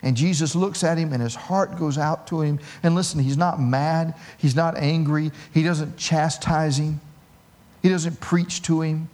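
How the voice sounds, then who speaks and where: High-voiced storytelling male preacher. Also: steady tone, measured pace, a little mellow. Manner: storytelling, humorous, acts out voices. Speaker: pastor. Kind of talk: sermon.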